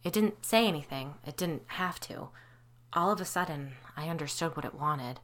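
A woman narrating a spooky story in an even, suspenseful way. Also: sits low, normal speed.

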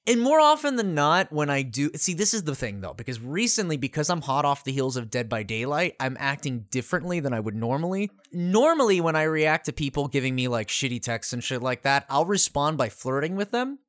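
A podcast co-host telling gaming stories in a loose, profane, animated way during casual chat. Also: medium pitch, a little fast, hardly any pauses, no echo.

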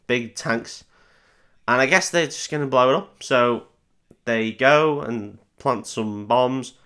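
A man recapping a film on a comedy podcast, at a mid pitch. He rambles, laughs as he goes, swears, and breaks into silly voices for the characters. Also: takes it slowly, sharp tone, clear, resonant tone. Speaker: podcast host.

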